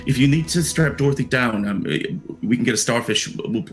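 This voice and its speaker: A man's voice: mid-range voice, a little fast, lightly acted. A man voicing a flustered woman nurse who hurries and stammers.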